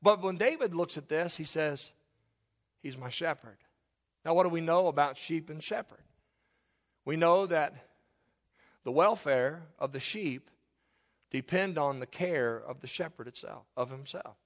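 High-voiced man preaching a sermon. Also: unhurried, long pauses. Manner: impassioned preaching with emphatic repetition.

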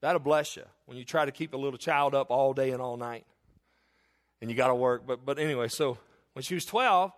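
Earnest and brisk, a middle-aged pastor uses a medium-pitched voice to tell a personal story in a sermon. He alternates between emphatic declarations and hushed tones.

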